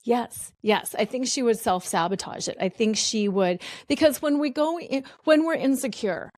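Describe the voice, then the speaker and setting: A woman's voice: on the high side, normal speed, a little mellow, no room sound. A woman guest on a podcast, explaining her views thoughtfully and building her points through repetition. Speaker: podcast guest, betrayal recovery expert. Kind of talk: reflective interview answers.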